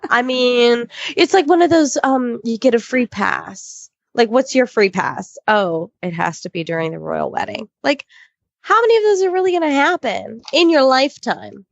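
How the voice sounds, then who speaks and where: A woman's voice: a little high, lively intonation, normal speed, creaky, highs cut off. A woman co-hosting a casual comedy chat who laughs easily and echoes back what the host says. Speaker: podcast co-host.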